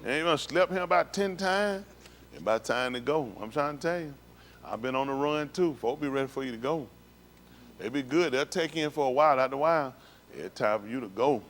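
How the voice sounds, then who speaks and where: Man, testimony to a congregation, emphatic, repetitive, street slang, medium pitch. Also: expressive, brisk, fairly bright tone, a little hiss or hum. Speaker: congregation speaker giving testimony. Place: synagogue livestream.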